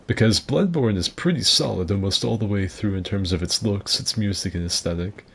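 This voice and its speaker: Low gravelly dude streaming a game, husky voice, swears and jokes around. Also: male voice, brisk, a bit bright. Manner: blunt, joking and profane. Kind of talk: casual gameplay commentary.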